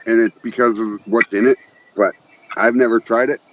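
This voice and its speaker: A man's voice: medium pitch, fairly even intonation, moderate pace. A man hosting a casual livestream chat, joking and cursing as he reads out names from the chat. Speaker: podcast host. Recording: muffled with clear background noise.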